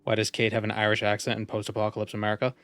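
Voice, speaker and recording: A man's voice: lowish voice, monotone, rapid-fire, fairly bright tone, clear, resonant tone, dry recording. A man streaming a video game, chatting casually and musing aloud as he plays. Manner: musing, chatty, trails off and restarts. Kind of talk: casual gameplay commentary.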